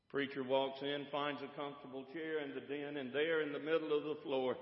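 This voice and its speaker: A male pastor delivers a sermon in measured, repetitive storytelling. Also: a little high, level tone. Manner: slow, measured storytelling with repeated words. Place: church sanctuary. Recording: echoey church hall, dull lo-fi sound.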